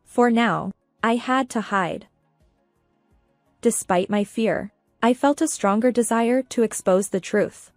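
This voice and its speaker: Female storyteller for a revenge-drama channel, steady delivery, slightly high voice. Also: slow pace, no echo, studio quality, soft background music. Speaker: story narrator. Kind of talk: first-person revenge story narration.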